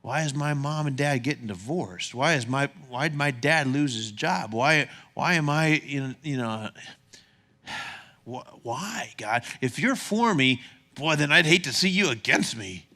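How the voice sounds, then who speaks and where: Bright-voiced casual male preacher. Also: medium pitch, expressive, measured pace. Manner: conversational, stumbling restarts, humorous asides. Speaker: pastor. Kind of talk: sermon.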